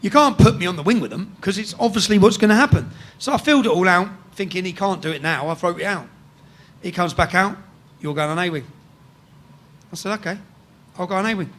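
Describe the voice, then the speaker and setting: English man, higher-pitched, casual animated storyteller, salty language, checks in with "yeah?". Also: a little fast. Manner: swears freely, keeps tagging sentences with "yeah?". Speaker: guest storyteller.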